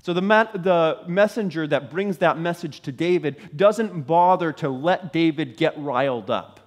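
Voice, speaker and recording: A man preaching a sermon, telling a story dramatically and swinging from loud to hushed. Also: fairly high pitch, measured pace. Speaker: pastor.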